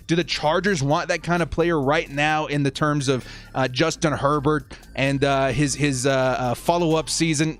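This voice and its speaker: A young man hosting a live fan stream, talking in an upbeat, chatty way as he thanks supporters and reads their comments. His voice sits a little high for a man. Soft music plays faintly underneath.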